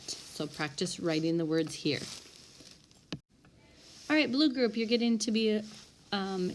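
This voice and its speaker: A woman teacher giving a recorded spelling lesson, sounding out words one by one with deliberate dictation. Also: medium pitch, a little hiss or hum. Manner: slow, deliberate word-by-word dictation. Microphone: tablet microphone.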